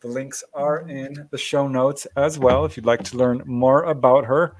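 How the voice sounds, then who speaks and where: A man's voice: medium pitch, fairly even intonation, a little slow. A man hosting a live talk show, giving a station break and introducing the guest in a friendly, easygoing way. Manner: friendly, easygoing announcer, chuckles between plugs.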